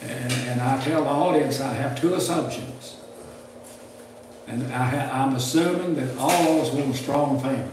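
A man's voice: mid-range voice, moderate pace. Man, folksy sermon, repeats words, far from the mic, faint hiss. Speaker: preacher. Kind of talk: sermon lecture. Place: church hall. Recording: echoey hall mic from a distance, faint noise.

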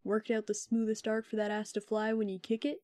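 A woman playing a deadpan ironic young guy. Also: mid-range voice, a little fast, no room sound, studio quality, natural voice. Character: sardonic young man, ironic joker.

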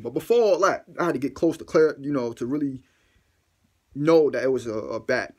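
A man with a husky, slightly rough voice tells a storytime vlog, sitting squarely in the middle of the male pitch range. He talks in an excitable, profane rush and circles back to repeat his lines for effect. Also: a little fast. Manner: excitable, swearing, repeating himself. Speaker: vlogger.

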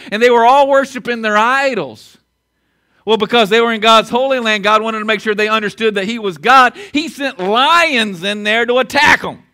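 A man preaching a sermon in a church, his voice pitched high and bright. He hammers points home by repeating them, swinging from forceful emphasis down to quiet intensity. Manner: emphatic preaching with repeated lines and sharp drops in volume. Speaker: pastor. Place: church auditorium.

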